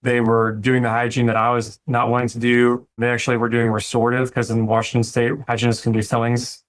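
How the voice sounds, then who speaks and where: A relaxed man in his thirties, speaking as a dentist guest on a podcast. His voice sits at a middle pitch, and he talks in an easygoing, reflective way, now and then acting out what he tells his staff. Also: fairly quick. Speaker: dentist and practice owner. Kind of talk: casual interview talk.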